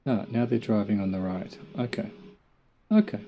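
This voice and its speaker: A man's voice: on the low side, normal speed, gravelly, mellow, a little hiss or hum. A middle-aged Australian man giving casual gameplay commentary, muttering to himself with dry, self-mocking jokes. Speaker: gamer.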